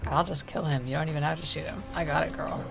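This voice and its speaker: A young woman giving casual, joking commentary over gameplay, often incredulous and quick to laugh. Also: low voice, steady tone, vocal fry. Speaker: gameplay streamer. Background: game music.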